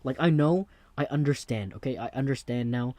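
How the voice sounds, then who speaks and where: A young man hosts a loose comedic monologue and drifts from one topic to the next. His voice is mellow and dark, and it sits in a mid range for a man. The recording is dry and close, with almost no room sound. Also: mid-range voice, brisk, no echo. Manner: rambling, self-interrupting, jokey. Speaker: host.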